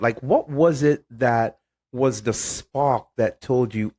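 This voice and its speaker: A man hosting a conversational interview, asking measured questions and giving brief "mm-hmm" responses while the guest talks. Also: mid-range voice, animated, a little mellow. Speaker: host.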